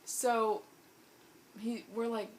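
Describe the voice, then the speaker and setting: Casting: woman vlogger, fairly high voice, animated and amused storytelling. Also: extremely slow, a little hiss or hum. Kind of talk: storytime vlog.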